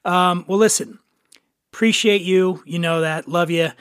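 A man's voice: high voice, steady tone, a little slow, a bit bright, clean tone. A man hosting a podcast, chatting casually and reading an ad in a loose, joking way. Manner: chatty, self-deprecating, gets choked up. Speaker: podcast host. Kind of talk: casual interview chat and read ad.

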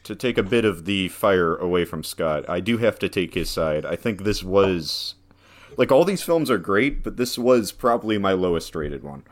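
Male co-host, low-pitched, easygoing, filler-heavy chat. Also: normal speed. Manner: relaxed, leans on "like" as a filler. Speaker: podcast co-host. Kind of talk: casual film discussion.

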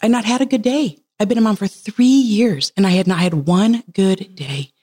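Animated woman telling a heartfelt story. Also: normal speed. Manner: animated, laughs often, jumps high in pitch when quoting herself; earnest and heartfelt. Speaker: podcast guest. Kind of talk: casual interview storytelling.

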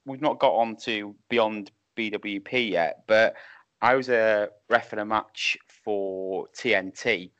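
A man's voice: on the low side, slow, fairly bright tone, clean tone, no echo. A man, a wrestling referee guest, telling rambling anecdotes with chuckles over a video call. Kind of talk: casual chat. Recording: muffled Skype call audio.

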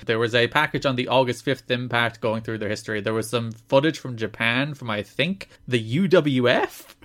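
A man's voice: medium pitch, moderate pace, a bit bright. A man co-hosting a wrestling podcast in casual chat, rambling and laughing often. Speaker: podcast co-host.

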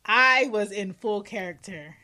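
A woman hosting a parenting podcast, talking casually and telling stories with animated energy. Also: medium pitch, unhurried, noisy background. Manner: animated, lively storyteller. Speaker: podcast host.

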